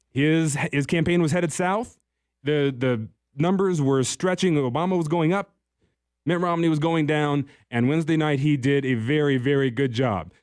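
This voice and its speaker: A man's voice: a little high, darkish tone, no echo, clean studio sound. A man hosting a political talk radio show, speaking in a conversational, emphatic way with occasional restarts.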